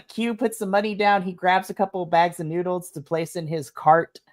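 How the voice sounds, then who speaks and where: A woman's voice: lowish voice, flat delivery, moderate pace. A woman narrating a tabletop role-playing game as game master, chatty and laughing often. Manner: giggly, chatty.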